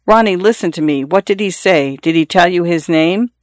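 A narrator voicing a frightened young caretaker who speaks in urgent, pleading bursts in an audiobook. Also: female voice, lowish voice, moderate pace, no room sound, studio quality, close to an everyday voice. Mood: anxious. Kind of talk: audiobook character voice.

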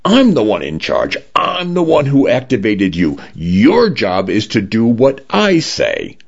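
A man voicing a furious woman shouting at her smart home, in a radio story reading. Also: lowish voice, huge pitch swings, slow, vocal fry, slightly rough, highs cut off, voice pushed up, full character voice. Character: indignant woman locked out of her condo.

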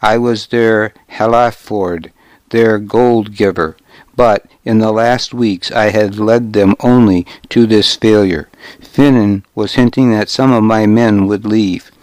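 Male audiobook narrator: low, very slow, grave, first-person telling in a dry studio. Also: steady tone, darkish tone, no room sound.

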